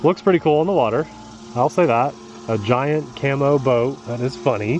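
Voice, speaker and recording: A man of ordinary pitch talks easily and a little jokingly as he reviews a remote-control boat outdoors on a windy day. His manner is loose and chatty, like a regular hobby host. Faint music sits behind him. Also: normal speed, a little mellow, dull audio. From rural United States. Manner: easygoing, chatty, jokey. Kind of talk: casual outdoor review chat.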